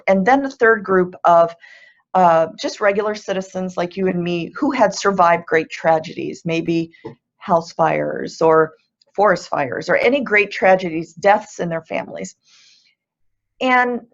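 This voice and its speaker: A woman's voice: mid-range voice, highs cut off. Earnest woman giving upbeat webinar tips. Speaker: guest speaker. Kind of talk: motivational webinar talk.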